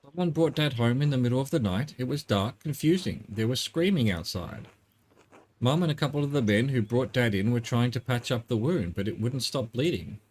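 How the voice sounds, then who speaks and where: A man's voice: mid-range voice, animated, moderate pace, a little mellow, close to an everyday voice. A man voicing a caring grown daughter, reading game dialogue aloud in an earnest, plain way. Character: caring grown daughter, protective of her father.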